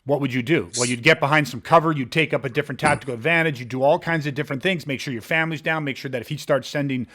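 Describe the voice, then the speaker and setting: A man's voice: mid-range voice, rapid-fire, sharp tone. A man co-hosting a podcast, explaining tactics by posing pointed hypothetical questions to the others at the table. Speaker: podcast co-host. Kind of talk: casual discussion.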